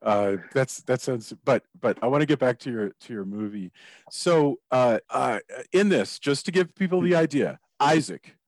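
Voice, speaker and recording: A Texan man hosts a casual interview, chatty and often restarting his sentences. His voice sits at a middle pitch and sounds dry and close. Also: lively intonation, moderate pace, dry recording. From Texas. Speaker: podcast host.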